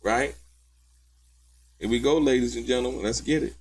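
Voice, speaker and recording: A man's voice: mid-range voice, moderate pace, slight background noise. A man hosting a commentary show, talking emphatically and in slang about courtroom testimony and calling out to his viewers. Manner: animated, emphatic and slangy, calls out to viewers by name. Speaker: host and commentator. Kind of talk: commentary on trial testimony to a live audience.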